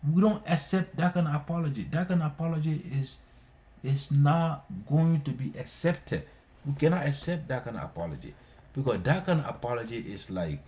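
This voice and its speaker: A man's voice: mid-range voice, sing-song, fairly quick, darkish tone. A man hosting a live stream, scolding people in an impassioned monologue, repeating himself and hammering his points. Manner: scolding, repetitive, emphatic.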